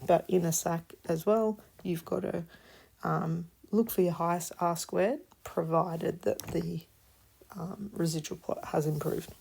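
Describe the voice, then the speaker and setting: This woman has a lowish, husky, creaky voice with a darkish tone and fairly even intonation. She teaches a worked-example maths lesson, explaining slowly and patiently and murmuring as she reads out numbers, all while yawning and sounding worn out.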